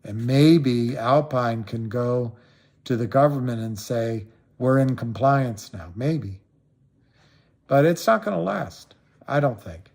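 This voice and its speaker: A man's voice: lively intonation, takes it slowly, gravelly, a little mellow. A middle-aged man talks loosely on a livestream and circles back over his points. He hammers words again and again, and his voice jumps up when he gets riled. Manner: rambling, repeats himself for emphasis, pitch swings up when riled. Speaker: livestream host talking stocks. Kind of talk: casual livestream talk answering viewers.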